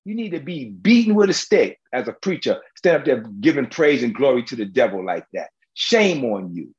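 A man's voice: mid-range voice, very animated, normal speed, muffled recording. A male preacher delivering an emphatic, colloquial sermon, firing rhetorical questions at the congregation.

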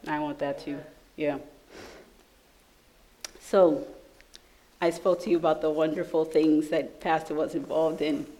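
A woman from New York telling a lively personal testimony in church, laughing often as she speaks. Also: deep voice, a little slow, pauses often, rough recording. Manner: animated storytelling, laughing often. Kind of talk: sermon testimony.

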